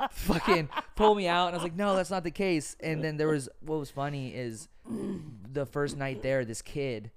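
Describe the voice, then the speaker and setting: In a smooth, mid-range voice, a young man hosting a podcast spins stories casually. He's animated and profane, and he tends to ramble as he chats.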